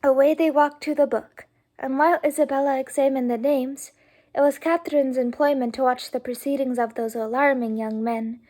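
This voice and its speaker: A woman's voice: high voice, fairly even intonation, moderate pace, mellow. Tired woman reading a novel aloud. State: tired, yawning. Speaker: audiobook reader.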